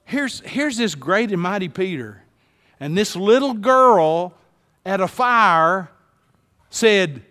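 A man preaching a sermon as a pastor, dropping to hushed lines and then rising to emphatic calls to the congregation. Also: sits high, expressive, slow. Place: church sanctuary. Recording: long hall reverb.

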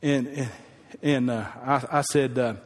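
A man's voice: mid-range voice, steady tone, measured pace. A man, a pastor telling a heartfelt personal story in a folksy sermon. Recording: long hall reverb.

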